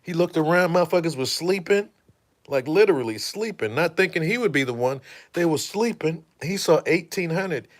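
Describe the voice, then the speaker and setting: A man hosting a casual livestream, retelling events in an animated, profane storytelling manner and thanking viewers. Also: fairly high pitch, normal speed. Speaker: host.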